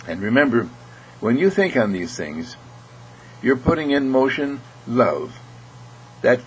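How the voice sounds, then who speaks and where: A man giving an earnest inspirational spiritual talk, repeating phrases and often clearing his throat. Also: mid-range voice, slight background noise, poor audio. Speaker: spiritual speaker.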